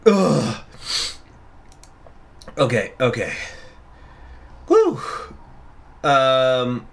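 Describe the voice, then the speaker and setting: A man's voice: medium pitch, sing-song, extremely slow, vocal fry. A man streaming a narrative game, chatting casually and self-deprecatingly into a desk microphone. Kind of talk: casual livestream commentary.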